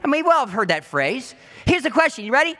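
A woman's voice: high-pitched, sing-song, fast talker, fairly bright tone, slight background noise. A woman preaching a sermon in a conversational way, repeating words for emphasis and asking the listeners rhetorical questions. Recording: long hall reverb.

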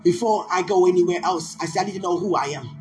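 A woman's voice: on the low side, fast talker, a little mellow, faint music behind. A woman podcast host telling a personal faith testimony in an emotional way, with pleading repetitions.

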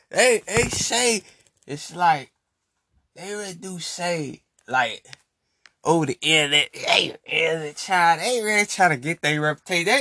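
A man's voice: a little high, sharp tone. A man hosting a solo podcast, ranting in a mocking, boastful way with street slang, laughing often between repeated phrases, seated at a stand mic. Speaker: podcast host. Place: seated indoors. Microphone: mic on a stand he keeps pulling down.

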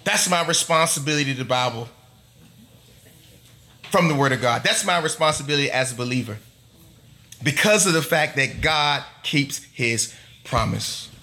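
A man's voice: medium pitch, normal speed, pauses often, bright, forceful tone. A middle-aged male pastor preaching a sermon to a congregation, emphatic, building long chanted lists. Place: church before a congregation.

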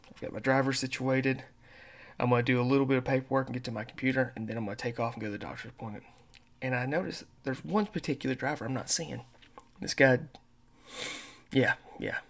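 A man's voice: medium pitch, creaky. Man, podcast host, loose rambling storyteller who curses freely. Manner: says he has a terrible accent and mispronounces words. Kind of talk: casual monologue.

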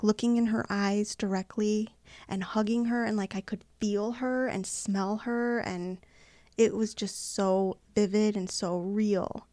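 A woman's voice: mid-range voice, a little mellow, no room sound. A woman co-hosting a casual chat, laughing and asking the questions. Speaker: podcast co-host.

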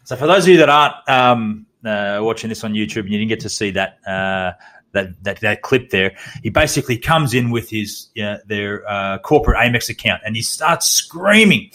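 A man's voice: lowish voice, lively intonation, moderate pace, pushed and bright. Candid Australian man telling his story. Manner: candid, swearing, hesitant restarts. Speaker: podcast host. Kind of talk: personal storytelling.

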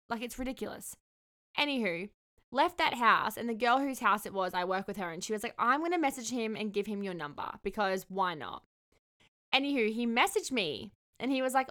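A young woman telling a dating story in a candid, expressive way, swearing freely. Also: fairly high pitch, fairly quick. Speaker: vlogger. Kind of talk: casual storytelling.

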